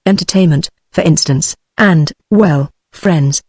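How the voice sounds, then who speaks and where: A synthetic woman's voice reading the lines of a stern, insistent male doctor in a storybook, even and measured. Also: low-pitched, breathy edge, dry recording, studio quality, exaggerated voice.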